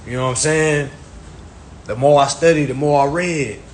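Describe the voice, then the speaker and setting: A man's voice: fairly high pitch, moderate pace, a little mellow. A man talking casually on a livestream, emphatic and profane, often repeating his phrases. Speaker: social media livestreamer. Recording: echoey room with faint background noise.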